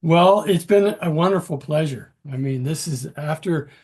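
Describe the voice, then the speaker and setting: Breathy man author hosting. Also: fairly high pitch, darkish tone. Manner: rambling, drawn-out questions. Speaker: author and host. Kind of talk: casual interview chat.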